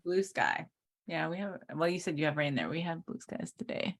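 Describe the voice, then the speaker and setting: Chatty low-voiced woman co-host. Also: animated, moderate pace, creaky. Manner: chatty, filler-heavy, laughs easily. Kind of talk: casual spiritual chat.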